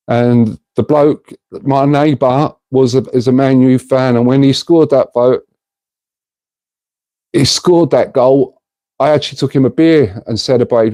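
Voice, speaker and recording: A man's voice: mid-range voice, dark tone, no echo. A middle-aged man, hosting a casual livestream and talking to viewers in an earnest, rambling way. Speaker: livestream host.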